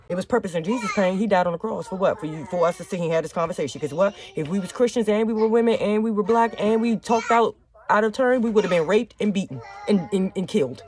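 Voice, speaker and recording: Brief: young woman, rapid-fire blunt talk show monologue, cussing and preaching to the camera. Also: fairly low pitch, a little mellow. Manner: blunt, heavy cursing, preachy. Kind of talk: casual monologue to viewers. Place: home with children nearby.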